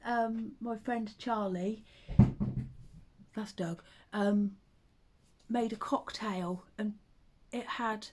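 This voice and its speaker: A woman chatting casually to camera at home, rambling with hesitant ums and soft under-breath asides. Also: on the high side. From United Kingdom. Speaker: vlogger and full-time teddy bear maker.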